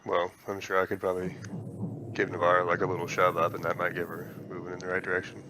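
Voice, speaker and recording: A man's voice: deep voice, completely flat delivery, fast talker, background noise. A man playing a tabletop game, chatting casually and joking. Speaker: player.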